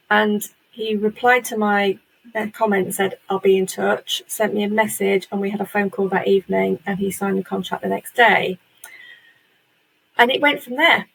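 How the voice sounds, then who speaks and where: A woman's voice: medium pitch, steady tone, a little fast, vocal fry, husky, poor audio. A woman, chatting as an interview guest about her business, telling self-deprecating stories. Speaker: guest, virtual assistant agency owner. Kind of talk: casual interview chat.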